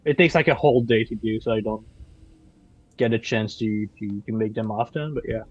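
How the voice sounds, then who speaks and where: A man playing a tabletop game, talking in a halting, stammering way. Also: lowish voice, muffled recording, a little hiss or hum. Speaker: player. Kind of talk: tabletop role-play banter.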